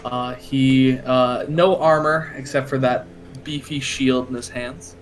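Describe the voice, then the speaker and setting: A man describing his tabletop character slowly, with many hesitations. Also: medium pitch, steady tone. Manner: slow and hesitant, many uhs. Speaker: player.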